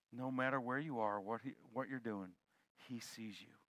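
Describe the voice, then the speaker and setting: Bright, dry-sounding joking preacher man. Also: mid-range voice, dry recording. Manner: conversational and joking, swinging between loud and soft. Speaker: pastor. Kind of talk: sermon.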